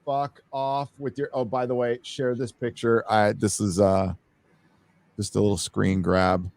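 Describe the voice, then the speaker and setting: A man's voice: on the low side, flat delivery, measured pace, gravelly, darkish tone. A man hosting a casual podcast chat, rambling with blunt opinions and stammered restarts.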